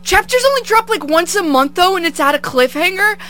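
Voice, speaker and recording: A woman in her twenties hosting a college radio show, chatting and teasing her co-hosts in an animated way. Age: 20s. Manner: animated, teasing, quick jumps in pitch. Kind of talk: casual radio banter.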